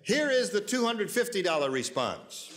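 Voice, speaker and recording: A man hosting a 1970s television game show with jokey, animated patter, heard in old studio audio. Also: high voice, normal speed. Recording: archival 1970s TV studio sound.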